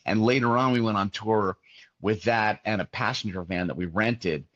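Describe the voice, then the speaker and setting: A man's voice: fairly low pitch, normal speed, a bit bright, dry recording. A man in his fifties being interviewed, telling casual stories with lots of fillers and restarts. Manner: rambling, many fillers and restarts. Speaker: musician, interview guest. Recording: dull, muffled sound, dry.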